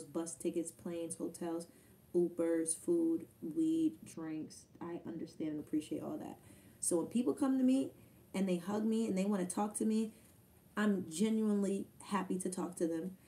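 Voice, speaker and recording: A woman's voice: on the low side, dark tone, distant mic. A young woman, a battle rapper telling stories in a loose, profane, casual way. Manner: loose, profane storytelling with quoted asides. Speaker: battle rapper answering fan questions. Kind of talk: casual Q&A chat.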